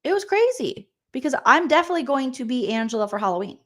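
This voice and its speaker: A woman in her forties hosting a casual comedic recap of a reality show, reading viewer comments and making quick, joking asides. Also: sits high, sing-song, a bit bright. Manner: chatty, jokey, quick asides and mock voices.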